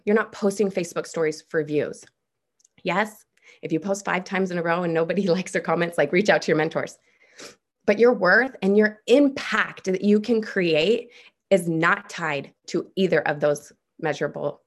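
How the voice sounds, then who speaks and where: Gravelly-voiced woman giving a pep talk. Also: lowish voice, normal speed. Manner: upbeat, chatty, keeps saying "you guys". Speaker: trainer presenting on a video call. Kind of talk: casual motivational training.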